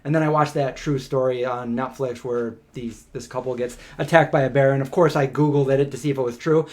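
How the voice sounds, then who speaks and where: A man co-hosting a live question-and-answer stream, telling a story in a casual, animated way with lots of filler words. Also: mid-range voice, brisk. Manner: animated, chatty, many "like" fillers.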